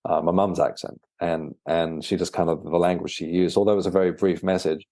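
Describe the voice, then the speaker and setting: A man, a guest and author, telling his story in a casual interview, halting and often repeating words. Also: deep voice, little pitch movement, mellow, no echo, clean studio sound.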